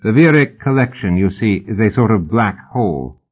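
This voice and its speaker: A cold, precise old collector of great wealth speaks in quiet, formal phrases, as a man reads him in a storybook. The voice sits low and comes through thin and tinny, like a phone line. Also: animated, moderate pace, slightly rough.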